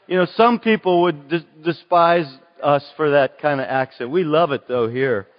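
A man with a Western Pennsylvanian accent preaching a sermon as a pastor, conversational and slowing on key words. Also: fairly high pitch. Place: church. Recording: dull, long church reverb.

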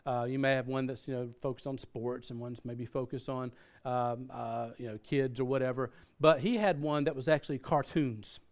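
A man's voice: mid-range voice, fairly even intonation, normal speed, darkish tone. A man preaching a sermon in a conversational way, often restarting his sentences and using fillers. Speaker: pastor.

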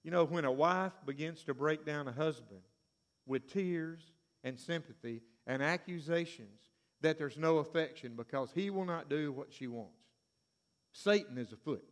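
A man with a high-pitched voice delivers a storytelling sermon. He acts out the characters and breaks into sudden shouts. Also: normal speed. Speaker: preacher.

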